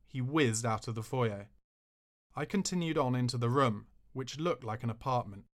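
A man hosting a podcast, reading celebrity stories aloud in a measured, expressive way. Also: mid-range voice. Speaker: podcast host.

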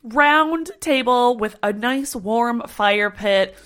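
A woman co-hosting a casual travel chat, telling a story with lively acted-out quotes. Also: a little high, takes it slowly. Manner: animated storyteller, acts out quotes. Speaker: podcast co-host.

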